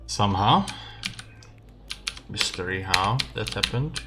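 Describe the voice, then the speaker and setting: A young man streaming a game, casually muttering his thoughts aloud in a relaxed way. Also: deep voice, normal speed, gravelly, over music. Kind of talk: casual gameplay commentary. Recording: loud keyboard typing and clicks.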